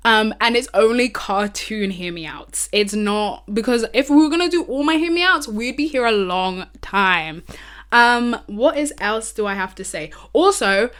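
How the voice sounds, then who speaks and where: A young woman hosting a casual solo podcast, chatting in a rambling way with many ums and quick asides into an uncovered mic. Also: medium pitch, fairly bright tone. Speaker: podcast host.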